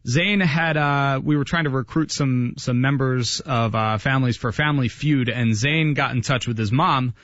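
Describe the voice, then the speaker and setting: A man's voice: mid-range voice, fairly bright tone, dry recording, lo-fi sound. A man on a radio show reading promotional announcements and previewing upcoming segments. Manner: brisk, promotional. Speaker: radio host.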